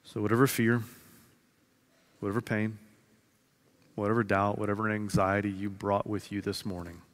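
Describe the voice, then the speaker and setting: A man in his thirties preaching a sermon to his congregation, earnest, repeating phrases slowly for emphasis and dropping from loud to hushed. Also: fairly low pitch, level tone. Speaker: pastor. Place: large church sanctuary. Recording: long reverb of a large hall.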